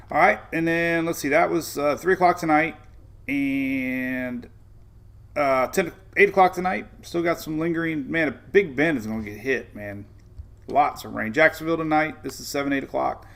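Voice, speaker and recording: A man with a gravelly, fry-edged voice hosts a live weather show in a loose, chatty way. He rambles, restarts his sentences, and drifts between map talk and venting. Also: medium pitch. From Florida, United States. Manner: rambling, chatty, vents then jokes.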